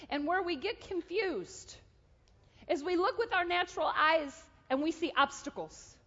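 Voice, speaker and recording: A woman preaching a sermon, telling a story and acting out dialogue with lively energy. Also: extremely high pitch, a little slow. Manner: animated, acts out dialogue with God. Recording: dull sound in a large reverberant hall.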